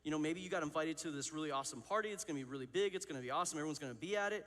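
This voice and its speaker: A man in his thirties preaches to students in a rapid, rambling stream. His voice sits a little high, and he keeps laughing at himself between the fillers. His words ring out through a long hall reverb. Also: a bit bright. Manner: candid, self-deprecating, chatty with many fillers. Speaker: student pastor. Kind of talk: youth sermon with personal storytelling.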